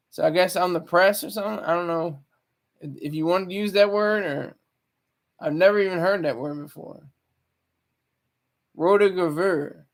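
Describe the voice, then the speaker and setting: A man talking casually on a live stream, rambling with many stammered restarts. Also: high voice.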